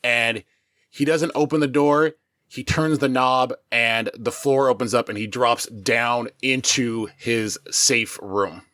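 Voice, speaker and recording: A man's voice: mid-range voice, takes it slowly, sharp tone, no echo, clean studio sound. A man playing a tabletop role-playing game, narrating his character's moves in a playful, cinematic way. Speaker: player.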